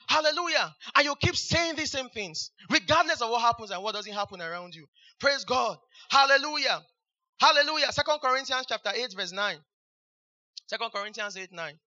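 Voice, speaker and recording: Male pastor, very high and bright, hallelujah-heavy sermon delivery, on a dull lo-fi recording. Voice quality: frequent hallelujahs, repeats phrases for emphasis.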